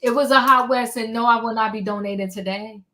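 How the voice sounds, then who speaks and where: A woman's voice: on the high side, fairly even intonation, brisk, bright, forceful tone. A woman co-hosting a casual TV recap chat, sassy and emphatic, repeating words for effect. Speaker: podcast co-host.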